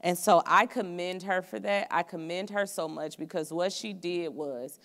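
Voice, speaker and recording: A woman's voice: on the low side, moderate pace, big-room sound. A young woman giving a student sermon in a college chapel, telling stories from her own life in an earnest, conversational way. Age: young adult. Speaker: student preacher.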